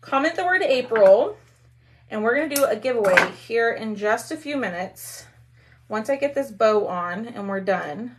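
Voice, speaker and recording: A woman's voice: a little high, expressive, moderate pace. A woman hosting a casual craft live stream, chatting with viewers while she works. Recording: faint background noise.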